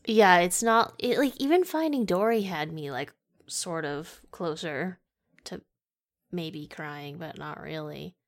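A woman in casual podcast chat reviewing a movie, wry and quick to laugh. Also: lowish voice, animated. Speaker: podcast co-host.

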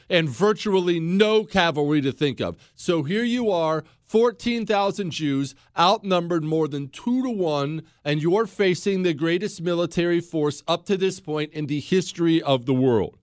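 A man's voice: a little high, expressive, measured pace, hardly any pauses, dry recording, clean studio sound. A man hosting a history podcast, telling the story in a casual, conversational way and talking straight to the listener with asides. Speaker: podcast host.

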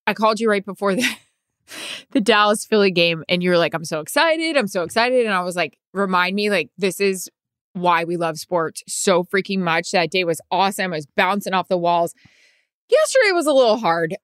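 A woman's voice: on the low side, animated, normal speed, clear, resonant tone, no echo, studio quality. A woman co-hosting a podcast in casual chat, upbeat and gushing, mocking herself. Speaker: podcast co-host.

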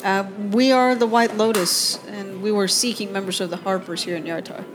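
A woman's voice: mid-range voice, steady tone, moderate pace, music in the background. Woman playing a tabletop game. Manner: describes actions in first person. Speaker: player.

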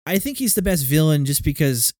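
A man's voice: a little high, sing-song, brisk, darkish tone, no echo, clean studio sound. A man co-hosting a casual movie podcast, rambling and saying "like" a lot. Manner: rambling, heavy use of "like". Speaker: podcast co-host.

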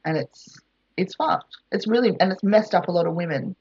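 A woman's voice: on the low side, moderate pace, crowd noise. A woman in casual chat, telling stories animatedly and swearing casually. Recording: slightly dull lo-fi sound.

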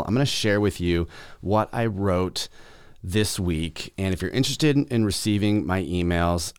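A man's voice: low-pitched, no echo, clean studio sound. A man hosting a solo business podcast, talking casually and reading his own email aloud. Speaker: podcast host.

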